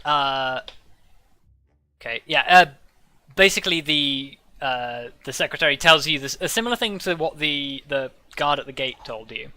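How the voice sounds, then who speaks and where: A man's voice: on the high side, animated, moderate pace, bright, forceful tone, no echo. A man narrating a tabletop game as game master, casual and full of fillers.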